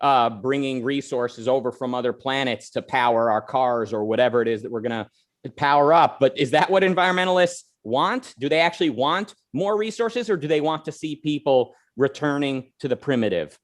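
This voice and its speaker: A man hosting a casual online panel show, talking in a lively way with plenty of fillers. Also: medium pitch, brisk. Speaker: show host.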